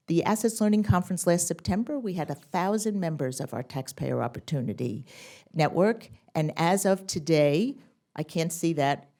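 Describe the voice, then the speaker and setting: A woman's voice: low voice, mellow. A woman hosting a policy briefing, giving earnest, upbeat welcome remarks and introducing the keynote speaker to a seated audience.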